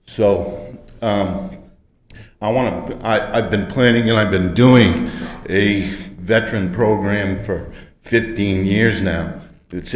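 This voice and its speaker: A man in his sixties, emotional and frustrated, pleading his case during public comment at a city council meeting. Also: lowish voice. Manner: earnest, frustrated and pleading, growing forceful. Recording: echoey council chamber with long reverb.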